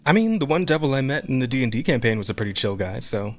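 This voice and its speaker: Casting: man, mid-pitched, podcast co-host, relaxed and profane, faint music under. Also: fast. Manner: laid-back, laughs often, swears casually. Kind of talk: casual podcast chat.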